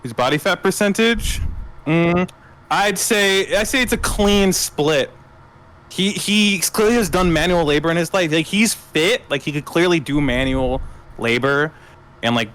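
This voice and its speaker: A man's voice: fairly high pitch, moderate pace, fairly bright tone, rough recording. A man running a tabletop role-playing game as game master, describing characters in a rambling way with many fillers. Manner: rambling, filler-heavy, laughing.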